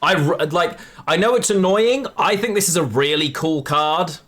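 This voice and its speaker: A man's voice: fairly high pitch, moderate pace, a bit bright. A man live-streaming a card game, chatting with viewers and correcting himself as he plays. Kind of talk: live game commentary to chat.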